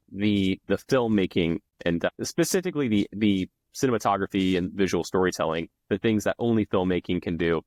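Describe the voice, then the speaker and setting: A man's voice: lowish voice, dry recording. A man co-hosting a podcast, chatting casually and enthusiastically about films, with frequent restarts. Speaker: podcast co-host. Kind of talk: casual film discussion.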